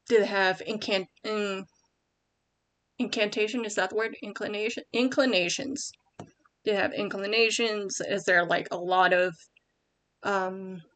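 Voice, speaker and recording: A woman's voice: mid-range voice, fairly bright tone. A young woman at home giving casual writing tips over a screen share, rambling with many ums and likes and correcting herself as she goes.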